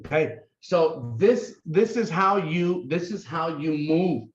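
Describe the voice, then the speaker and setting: A man's voice: on the high side, lively intonation, takes it slowly, highs cut off, slight background noise. A man giving a fired-up, emphatic motivational sales talk to his team. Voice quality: fired up, emphatic, intense delivery. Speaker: team leader.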